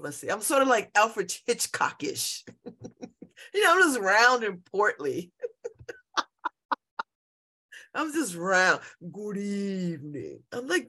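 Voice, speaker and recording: A female host in her fifties rambles through casual personal chat, laughing frequently and repeating herself. Her fairly high voice comes across bright and forceful.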